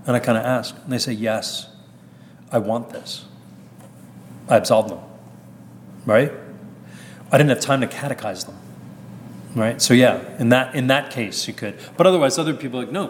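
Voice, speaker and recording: A male priest tells a personal story in a loose, candid way and chuckles at his own jokes. His voice sits at an ordinary middle pitch. The sound carries a long reverb and a faint hum of background noise.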